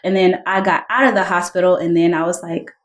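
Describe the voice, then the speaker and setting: A woman guest talking through a personal testimony in an earnest, conversational way. Her voice sits a little low for a woman, and she leans on "like" as she goes. She jumps up in pitch when she acts out what people said. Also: fairly even intonation, a little fast. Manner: earnest, heavy use of "like" fillers; reenacts dialogue in raised voices. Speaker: podcast guest.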